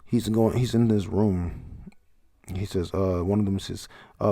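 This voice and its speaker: With a dark, lowish and expressive voice, a man takes his time reading a manga chapter panel by panel. He is casual and blunt, swearing freely and laughing at surprises along the way.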